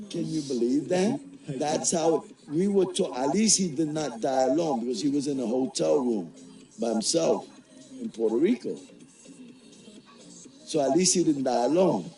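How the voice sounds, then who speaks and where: A man's voice: mid-range voice, mellow. Middle-aged man telling a blunt, profane story. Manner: candid, profane, darkly humorous. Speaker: interviewee. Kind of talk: personal storytelling for a documentary. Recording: roomy, from a distance, faint music.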